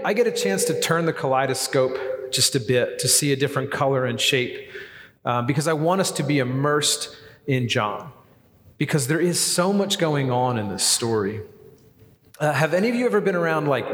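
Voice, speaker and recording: A man preaching a sermon as pastor, talking in a conversational, animated way with lots of casual fillers. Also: medium pitch, moderate pace. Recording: long hall reverb.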